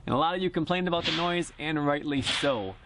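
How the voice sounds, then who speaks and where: A man gives a casual, joking airgun review vlog at an outdoor shooting range, speaking plainly and chattily. His voice is on the high side and a little fast, recorded with a camera-mounted directional shotgun mic against a noisy background.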